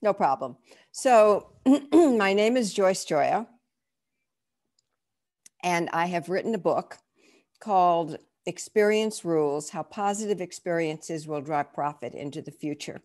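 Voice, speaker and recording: Low-voiced woman introducing her book. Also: expressive, slow pace, darkish tone. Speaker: author and management consultant. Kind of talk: self-introduction.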